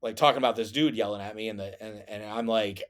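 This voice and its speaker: A man's voice: lowish voice, fairly even intonation, quick pace. A man and former soldier telling a story on a podcast in a casual, rambling way, with lots of fillers and restarts.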